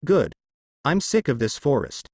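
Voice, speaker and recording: A man's voice: mid-range voice, huge pitch swings, unhurried, a little mellow, breathy edge, no echo, studio quality, heavily acted. A man voicing a cold, irritable young male ninja with an annoyed tone in a fan-fiction audio story.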